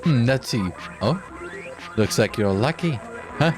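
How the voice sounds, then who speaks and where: A man's voice: mid-range voice, animated, measured pace, over music, lightly acted. A man voicing a gleeful, sadistic male game-show presenter while reading game dialogue aloud, in a mock-cheerful, theatrical announcing manner. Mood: gloating.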